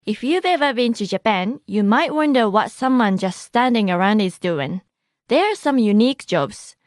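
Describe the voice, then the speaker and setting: A woman with a fairly high voice models phrases for a language lesson, pronouncing each one slowly and deliberately before saying it again. The recording is dry and close, with no room sound. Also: animated, dry recording. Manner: clear, deliberate delivery, repeats each phrase twice. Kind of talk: slow, careful pronunciation drills.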